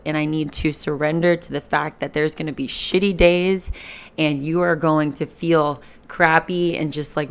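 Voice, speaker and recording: A young woman in her twenties talking candidly in a personal vlog, rambling and emotional, swearing freely. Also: low voice. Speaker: vlogger. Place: Fort Lauderdale, Florida. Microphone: camera mic.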